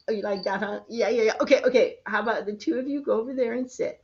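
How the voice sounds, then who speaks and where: A woman's voice: on the high side, quick pace, hardly any pauses, a little mellow, muffled recording, slight background noise. An older woman, a grandmother, reading a picture book to small grandchildren in a coaxing, sing-song way. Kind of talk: children's storybook reading.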